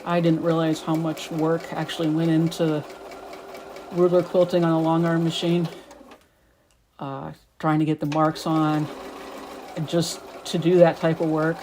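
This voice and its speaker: A middle-aged woman with a lowish, darkish voice rambles casually while quilting in her sewing room, a sewing machine humming faintly behind her. Her tone stays level and unhurried, with frequent pauses and a little hiss or hum on the recording.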